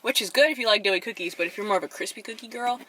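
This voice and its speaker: A young woman vlogging from her car in a chatty, animated way, with dramatic reactions. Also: fairly high pitch, racing, a little hiss or hum. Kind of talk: casual chat. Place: inside her parked car. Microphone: camera.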